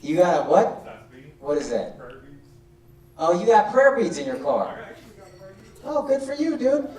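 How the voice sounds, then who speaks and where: A stand-up comedian works the crowd with brash, profane, teasing banter aimed at the audience. His high voice is very animated but a little slow, caught from a distance in a roomy club full of loud audience laughter.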